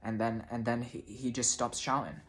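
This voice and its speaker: A man telling a personal story casually to camera, halting often and restarting his sentences, with the odd swear word. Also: medium pitch, fairly even intonation, a bit bright. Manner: hesitant, many restarts and fillers, casual swearing. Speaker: vlogger.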